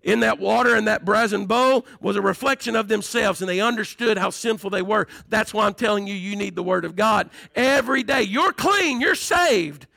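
High, gravelly-voiced preaching man. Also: moderate pace, few pauses, pushed and bright, no echo. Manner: fervent preaching with rhetorical questions to the congregation. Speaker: pastor. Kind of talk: sermon.

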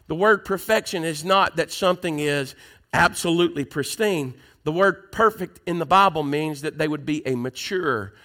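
A middle-aged man preaching a sermon, asking the congregation questions and swinging between loud, pressing lines and soft ones. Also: high-pitched. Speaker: pastor.

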